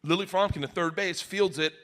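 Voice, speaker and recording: A middle-aged man doing stand-up storytelling on a live stage, loud and laughing. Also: high-pitched, fairly quick. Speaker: stand-up comedian. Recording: noisy live comedy stage.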